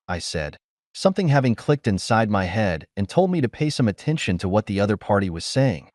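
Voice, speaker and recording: Low-voiced man reading a novel. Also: sing-song, moderate pace, darkish tone, no echo, studio quality. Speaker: audiobook narrator. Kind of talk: first-person novel narration.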